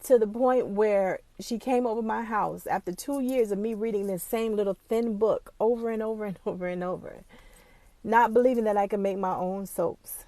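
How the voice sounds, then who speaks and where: Speaking in a mid-range voice with fairly even intonation, a moderate pace, and a dark tone, this woman is captured in a dry recording. She owns a small business and talks frankly to camera, motivational and casual, cursing freely, and she grows emotional, holding back tears at times.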